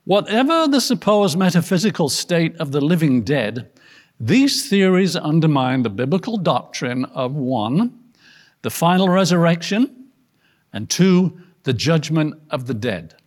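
A man, a pastor, teaching a Bible study class in an earnest way, asking rhetorical questions, his loudness rising and falling. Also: fairly high pitch, sing-song, unhurried.

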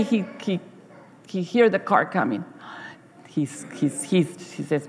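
A middle-aged woman giving a sermon as a church speaker, telling stories in a halting way, repeating words and acting out story voices. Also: lowish voice, vocal fry, a little mellow, long reverb tail.

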